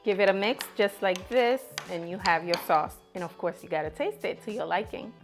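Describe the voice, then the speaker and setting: A woman's voice: medium pitch, animated, brisk. Lady walking you thru a recipe, chatty, talks right to "you guys", bit of music in the back. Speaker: cooking channel host. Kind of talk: casual cooking tutorial.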